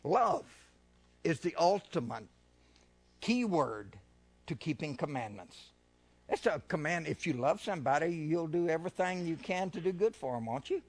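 A man preaching a sermon with fervour, questioning his listeners and drawing out and swelling his voice on scripture. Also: fairly high pitch. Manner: fervent preaching, slows and swells louder when reading scripture; asks the congregation questions, repeats phrases.

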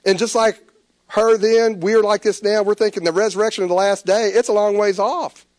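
A man preaching a sermon, animated, with stammered restarts. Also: high voice, normal speed, no room sound, studio quality. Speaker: pastor.

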